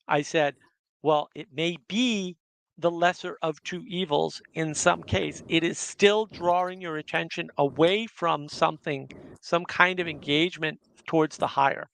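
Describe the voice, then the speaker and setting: A man's voice: on the high side, fairly even intonation, a little slow, vocal fry, a bit bright, a little hiss or hum. A man hosting a casual livestream, chatting and reading viewer comments aloud. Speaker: livestream host.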